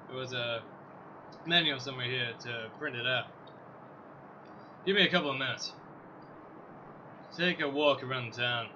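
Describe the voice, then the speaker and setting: A man's voice: mid-range voice, moderate pace, pauses often, sharp tone, highs cut off, slight background noise. A man giving joking let's play commentary, swearing and talking back to the game's characters. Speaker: gameplay commentator.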